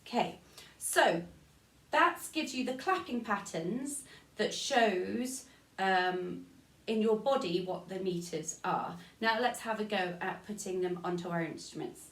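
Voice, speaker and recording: A woman's voice: medium pitch, measured pace, distant mic. A woman with an English accent teaching an online music lesson to children, counting beats aloud and singing short rhymes. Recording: echoey room, voice off-mic.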